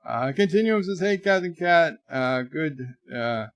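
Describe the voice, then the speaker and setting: A man's voice: on the high side, lively intonation, a little slow, dry recording. A man hosting a live stream, reading viewers' chat messages aloud in a rambling, chatty way. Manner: chatty, rambling, trails off quietly.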